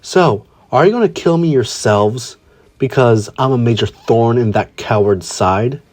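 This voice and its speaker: An angry young super-soldier hero in a fan-made storybook reading, as a man voices him. He mostly stays low and quiet, with a seething intensity, but his pitch climbs sharply when his fury boils over. It sounds close to the reader's own voice. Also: lively intonation, measured pace, faint music behind. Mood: furious.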